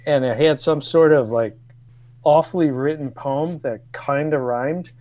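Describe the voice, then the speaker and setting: A man in his fifties, a guest on a radio show, telling old stories with laughs and halting restarts. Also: fairly high pitch, warm tone, no echo. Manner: storytelling, laughs often, hesitant restarts. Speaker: guest, former radio co-producer. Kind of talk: casual radio chat.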